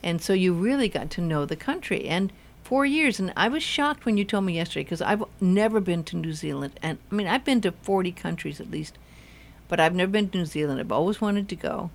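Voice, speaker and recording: A woman hosting a casual chat, chatty and quick with short reactions. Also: on the low side, lively intonation.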